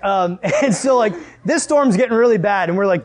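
A young man gives a casual sermon, moving from a funny family story into a Bible passage. His voice sits high for a man, and he jokes with the room and plays every character himself. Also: fairly quick. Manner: animated, jokey, acts out the characters in his stories. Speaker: preacher.

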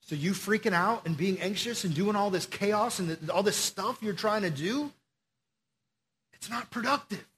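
Man, youth pastor, casual sermon, slangy, bright high voice. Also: moderate pace. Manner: slangy, animated storytelling.

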